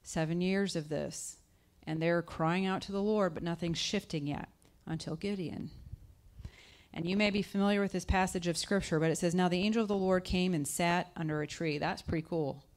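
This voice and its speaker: Woman preaching casually, slightly low voice, throws questions at the crowd. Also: moderate pace, darkish tone. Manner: conversational, asks the audience questions; acts out scripture voices with pitch jumps. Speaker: guest speaker. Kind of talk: conversational sermon.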